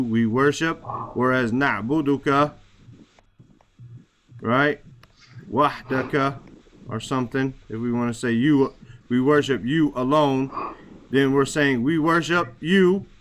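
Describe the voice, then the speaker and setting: Male instructor at mid pitch, explains slowly with fillers and "right?" checks. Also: a little hiss or hum. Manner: searching for words, many fillers; repeats "right?" to check understanding. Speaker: teacher. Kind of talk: classroom explanation.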